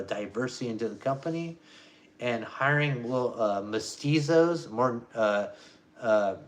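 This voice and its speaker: This is a man's vlog rant: emphatic and full of profanity, it alternates between punchy loud bursts and quiet muttering.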